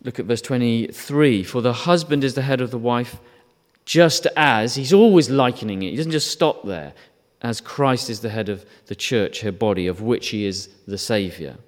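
A man's voice: mid-range voice, moderate pace. A man preaching a sermon in a conversational way, asking rhetorical questions and briefly acting out quotes. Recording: long reverb.

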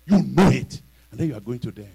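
A man preaching a fiery sermon, shouting and hammering his points home with repetition. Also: medium pitch, lively intonation, quick pace, gravelly, slightly rough, rough recording.

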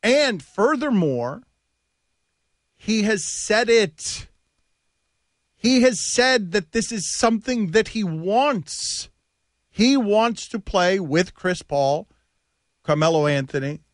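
A man with a fairly high voice hosts a sports radio show, riffing in an animated way and throwing out rhetorical questions. His voice is close and dry on a studio microphone. The banter is loose and energetic. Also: slow pace, long pauses, no echo.

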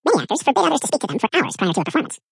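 Lady reading a book summary super fast, pitch moves a lot, kinda high. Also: wildly swooping pitch, gravelly, breathy edge, dry recording. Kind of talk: scripted narration of a book summary.

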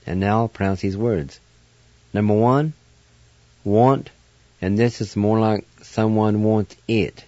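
Man, radio language lesson, unhurried, mellow voice, spells words out and repeats syllables, dull lo-fi recording. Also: fairly low pitch, fairly even intonation, no room sound. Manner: spells words letter by letter and sounds them out syllable by syllable. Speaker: radio host teaching Cherokee words.

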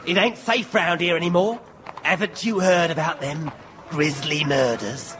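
A man's voice: fairly high pitch, a little slow, fairly bright tone. A man playing a comic tour guide in a comedy sketch, theatrical and hammy. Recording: noisy recording.

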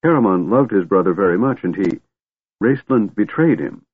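A man doing a scared young woman in a storybook, soft and pleading, her words rising and falling widely. The husky voice comes through a thin, phone-like line with no room sound at all. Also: fairly low pitch, lively intonation, normal speed, dry recording. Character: young woman, frightened but trying to be strong. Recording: tinny phone-like dry sound.

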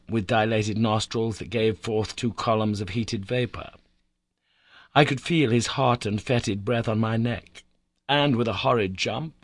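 A man's voice: on the low side, dry recording. A man reading a classic adventure novel aloud as first-person narration, telling it with dramatic emphasis. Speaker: audiobook reader.

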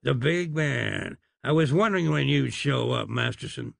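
A man voicing a sardonic Western gunslinging dentist with a slow, folksy drawl and a gravelly, dry sound. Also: medium pitch, lively intonation, fairly bright tone, no room sound, exaggerated voice. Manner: wry, unhurried and folksy.

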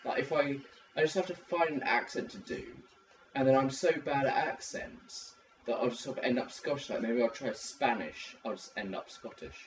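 A man's voice: medium pitch, lively intonation, moderate pace. A man co-hosting a casual podcast chat, rambling and joking as he talks. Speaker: podcast co-host. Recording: distant mic, dull sound, faint hiss.

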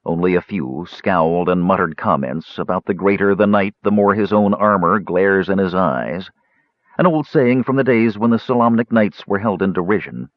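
A man reading a fantasy audiobook with an expressive, varied delivery. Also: low-pitched, normal speed, dry recording. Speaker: audiobook narrator. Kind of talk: scripted fantasy narration. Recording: slightly dull audiobook recording.

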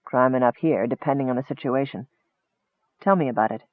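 Sour half-elf convict, low and muttering, read by a man, dry tinny audio. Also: a little fast, dry recording, close to an everyday voice. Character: bitter wary half-elf male prisoner.

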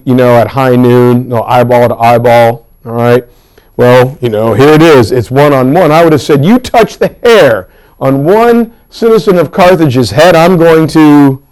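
Male teacher lecturing a class, lively storytelling manner, voice on the high side. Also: smooth, poor audio. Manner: animated storytelling with pop-culture asides. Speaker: history teacher.

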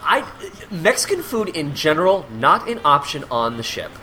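A man chatting as a podcast guest, telling animated stories with deadpan asides. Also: a little high, moderate pace, music in the background. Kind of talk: casual chat.

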